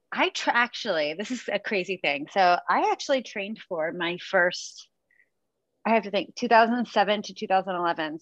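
A woman running coach, chatting on a podcast, telling lively stories and often laughing. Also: medium pitch, dry recording, highs cut off. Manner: chatty storyteller, laughs often, acts out quotes. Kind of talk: casual chat.

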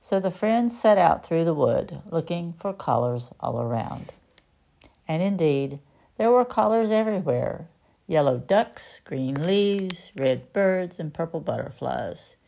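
Woman reading a storybook, slow and creaky. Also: low voice. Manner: expressive. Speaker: storybook reader. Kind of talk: reading a children's book aloud.

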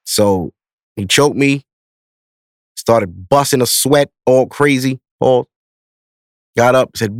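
A man's voice: mid-range voice, takes it slowly, pauses often, no echo, clean studio sound. A man in his thirties hosting a podcast, telling stories in a casual, profane, laughing way. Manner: profane, lively, laughing storyteller. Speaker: podcast host. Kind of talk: casual storytelling.

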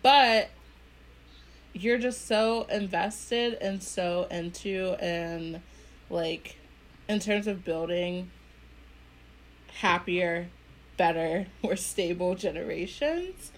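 A young adult woman co-hosting a podcast, asking unhurried questions with frequent giggles in casual chat. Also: on the low side, poor audio. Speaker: podcast co-host.

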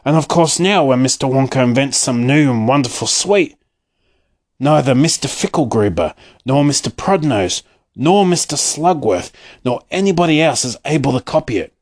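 A man voicing a gentle old grandfather in a storybook reading, telling a tale softly. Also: mid-range voice, expressive, normal speed, close to an everyday voice. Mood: storytelling. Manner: soft and hushed.

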